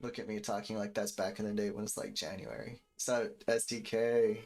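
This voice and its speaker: His voice sits fairly low, gravelly and a little mellow, holding a steady tone at normal speed. The man, a music producer in his thirties, rambles casually to viewers during a beat-making stream, faint beat music in the background.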